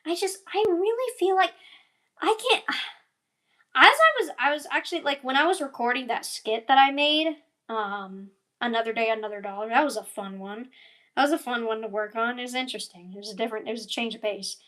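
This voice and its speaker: A young woman who works as an animator and voice actor rambles casually in a vlog, with lots of fillers, side tangents, and the occasional yawn. Her slightly high voice is brisk, pushed, and bright.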